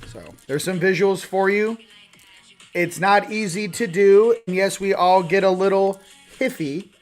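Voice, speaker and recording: A man in his forties hosting a casual spiritual talk, rambling and animated, sometimes swearing. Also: medium pitch. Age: 40s. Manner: rambling, animated, swearing, acts out quoted voices.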